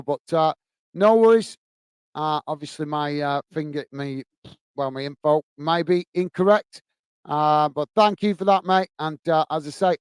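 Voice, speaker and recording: A man from the UK hosting a live football fan stream. He chats casually with viewers, reads out their comments and the scores, fills pauses with "uh" and calls everyone "mate". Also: on the high side, clear, resonant tone, no echo. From United Kingdom. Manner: chatty, says "mate" a lot, many fillers.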